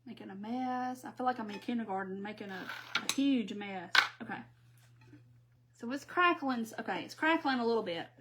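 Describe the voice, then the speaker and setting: A woman's voice: fairly high pitch, moderate pace, noisy background. Chatty Southern woman from Mississippi. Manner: chatty, reads viewer comments aloud, giggly asides. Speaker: craft live-stream host. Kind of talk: casual crafting live stream.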